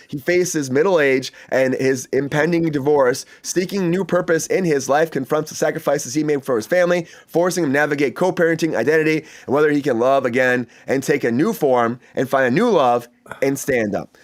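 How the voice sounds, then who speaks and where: A man's voice: fairly high pitch, a little fast. A man hosting a casual entertainment news chat, talking in a chatty, enthusiastic way with many fillers and asides. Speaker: host.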